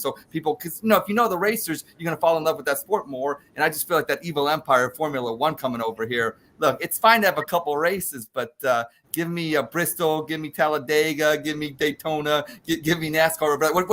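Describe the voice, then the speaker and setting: A man's voice: a little high, pushed and bright. A male sports talk show host who rambles and stumbles over repeated words as he builds his point.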